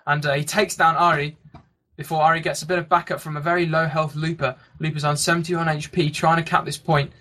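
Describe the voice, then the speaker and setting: A man commentating a live online game match, talking quickly with lots of fillers. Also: fairly high pitch, level tone, sharp tone. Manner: rapid play-by-play with frequent fillers. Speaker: esports commentator.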